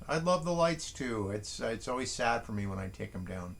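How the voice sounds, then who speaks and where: A man hosting a casual morning livestream, reading listeners' haiku slowly and adding wry, chatty asides from his desk at home. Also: medium pitch, lively intonation, gravelly. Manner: chatty and wry, reads poems slowly and deliberately.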